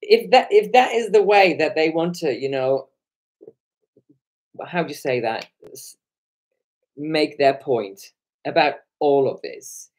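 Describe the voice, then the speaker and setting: Man, hoarse, husky voice, very lively pitch, animated storytelling on a stream. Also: takes it slowly, long pauses. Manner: animated, indignant retelling. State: hoarse from shouting. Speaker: online commentator.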